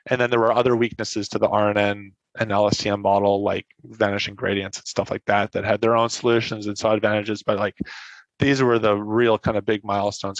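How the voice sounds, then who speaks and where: A man with a fairly low voice gives a casual technical lecture, often stopping to rephrase and fill gaps with "uh" and "like". The recording sounds dull and lo-fi, and it is dry, with no room echo. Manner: casual, self-correcting explanations with frequent fillers. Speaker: presenter. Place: online meetup talk.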